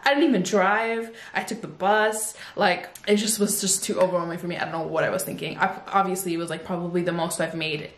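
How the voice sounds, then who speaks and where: A woman in her twenties chatting at home into a phone, telling a casual storytime in an animated way. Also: fairly low pitch, fairly quick, hardly any pauses, roomy sound. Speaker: vlogger.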